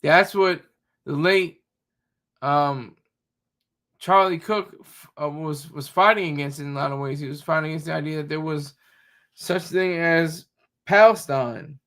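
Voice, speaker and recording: Guy ranting casually, kinda gravelly, bright voice, trips over words. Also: on the high side, unhurried. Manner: rambling, searching for words, sarcastic. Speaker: commentary streamer. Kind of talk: casual reaction commentary.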